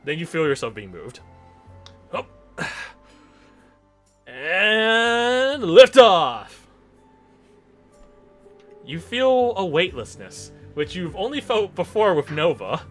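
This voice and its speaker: A man running a tabletop game as game master, narrating in a lively, jokey way. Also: on the high side, moderate pace, hardly any pauses, soft background music.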